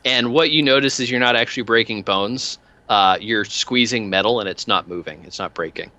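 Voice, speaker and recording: A man's voice: fairly low pitch, a little fast, sharp tone, highs cut off. A man narrating as game master in a tabletop game, rambling with many fillers and restarts.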